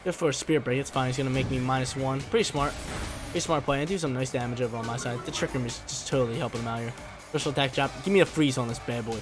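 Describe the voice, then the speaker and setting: A man giving casual, excitable commentary over his own video game battle, trash-talking and joking as he plays. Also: medium pitch, fast talker. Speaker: gaming YouTuber. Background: background game music.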